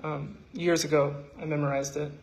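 Man in a church talk, kinda high voice, lots of ums then reciting verses with feeling. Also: flat delivery, vocal fry, rough recording. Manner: halting, with fillers and restarts, rising when reciting. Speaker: church speaker. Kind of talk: devotional talk reciting scripture.

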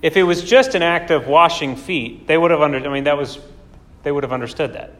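A man's voice: a little high, expressive, brisk, fairly bright tone. A man preaching a sermon in a conversational way, often asking rhetorical questions. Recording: long hall reverb.

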